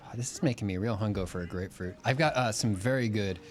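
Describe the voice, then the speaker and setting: A man's voice: on the low side, fast talker, soft background music. A man co-hosting a game stream, joking and playfully crude in casual chat. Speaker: co-host.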